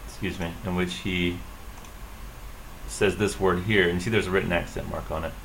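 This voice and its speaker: A man teaching a Spanish lesson, explaining a rule and then repeating words slowly for practice. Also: low voice, steady tone, vocal fry, a bit bright, slight background noise, poor audio. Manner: slow, drilling repetition of words. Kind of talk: classroom lesson.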